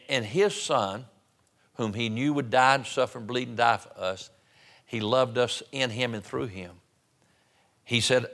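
Preacher man in church, middle pitch, slows way down to stress the scripture, folksy little restarts. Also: fairly bright tone. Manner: slow, emphatic reading of scripture with rising stress on key words. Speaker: pastor. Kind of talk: sermon. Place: church sanctuary.

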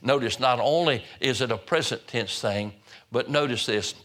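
An older man with a drawl preaches with a bright, forceful tone at a middle pitch. He talks in a folksy way, doubling back on words and restarting phrases as he drives home each point. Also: moderate pace. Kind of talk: sermon.

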